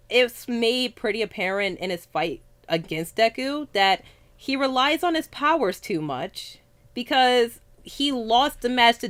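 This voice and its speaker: Woman co-host, casual anime chat, higher-pitched, profane, stumbles on names. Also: a bit bright. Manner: chatty, swears freely, trips over names.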